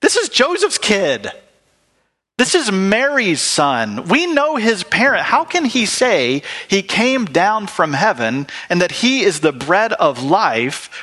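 A man putting on the voice of an incredulous, grumbling crowd, high and mocking. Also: sing-song, a little slow, pushed and bright, full character voice.

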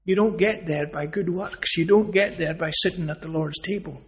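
A man's voice: high voice, moderate pace. A man preaching a sermon, earnest and emphatic, asking rhetorical questions.

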